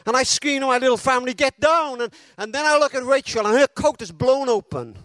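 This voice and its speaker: A man delivers a sermon in a notably high voice. He tells his story with dramatic pauses and fills the quotes with feeling. The sound is dry, with no room echo. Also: lively intonation, fairly bright tone. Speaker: preacher.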